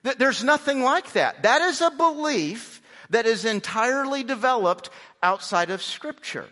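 Pastor preaching in an echoing sanctuary. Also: male voice, extremely high pitch, expressive, a little slow, sharp tone. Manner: conversational, repeats words when starting sentences. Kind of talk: sermon. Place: large church sanctuary. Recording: hall reverb.

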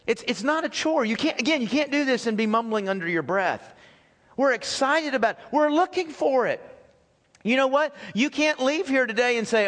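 Pastor, male, high-pitched, chatty sermon delivery, quizzes the pews, repeats lines, reverberant sanctuary. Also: animated, normal speed, fairly bright tone. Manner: conversational, asks the congregation questions, repeats phrases. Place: church sanctuary.

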